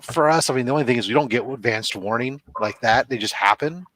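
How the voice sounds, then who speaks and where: This podcast host from California speaks quickly in a medium-pitched voice, with background noise on his video call. Leading a laid-back online panel, he goes on long explanatory tangents with many digressions.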